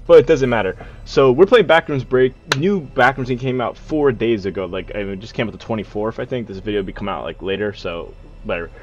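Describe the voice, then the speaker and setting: A man's voice: fairly low pitch, quick pace, few pauses, highs cut off. A young man narrating a video game as he plays, rambling in casual asides and breaking into panicky yelps and swearing. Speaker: gaming YouTuber. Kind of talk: casual let's-play commentary.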